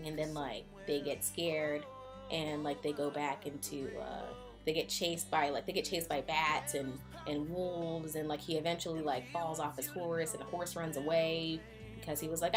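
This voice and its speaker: A woman's voice: low voice, fairly even intonation, moderate pace, music in the background. A woman vlogger giving a sarcastic, casual retelling, full of fillers.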